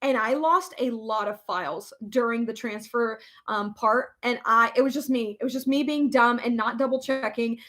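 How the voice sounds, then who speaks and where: A woman's voice: fairly high pitch, normal speed, few pauses, a bit bright. A young woman hosting a casual live chat, rambling with many fillers and laughing often. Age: young adult. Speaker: livestream host reading comments.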